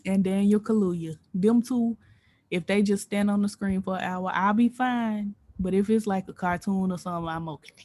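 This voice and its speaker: A woman's voice: medium pitch, normal speed, warm tone. Playful gossipy woman co-host. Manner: playful, gossipy, drawls out words. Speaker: podcast co-host. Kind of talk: casual chat.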